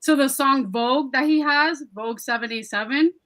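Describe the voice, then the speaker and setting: A woman with a bright, fairly high voice chats on a podcast. She tells a story with lots of energy and swears freely. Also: normal speed, poor audio. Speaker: podcast co-host. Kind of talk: casual chat.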